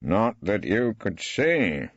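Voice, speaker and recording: A wry old barrister, voiced by a male reader, cross-examines with arch, ironic courtesy. His husky voice swoops widely in pitch, recorded dry and a little dull. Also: sing-song, slow pace, fairly bright tone, no room sound, exaggerated voice. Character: wry elderly male barrister, mock-polite. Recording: dry, slightly dull studio.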